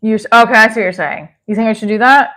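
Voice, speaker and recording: A bright, forceful woman's voice, somewhat high and quick, carries this live stream. As host, she rambles casually while answering viewer comments, chatty and self-deprecating, with many false starts.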